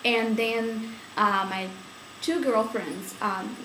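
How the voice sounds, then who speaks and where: A woman's voice: fairly high pitch, steady tone, slow, a bit bright, roomy sound, slight background noise, poor audio. A woman from India, recalling her school days in an oral history interview, chatty and laughing often. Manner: chatty, laughing storyteller with many fillers.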